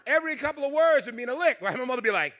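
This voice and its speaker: High, animated comedian. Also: male voice, rapid-fire. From Southern United States. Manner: loud, animated, laughing at his own jokes. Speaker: stand-up comedian. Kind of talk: stand-up comedy. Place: cruise ship show stage.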